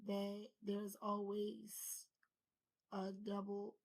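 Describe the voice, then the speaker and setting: A woman's voice: medium pitch, completely flat delivery, very slow, a little mellow, rough recording. A woman who is feeling unwell talks to her viewers in a loose, rambling way. Her voice stays mostly level, with little rise and fall. It sounds like a casual spiritual vlog. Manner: rambling, loose and conversational, addresses viewers as y'all. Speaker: spiritual vlogger. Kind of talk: casual spiritual talk to camera.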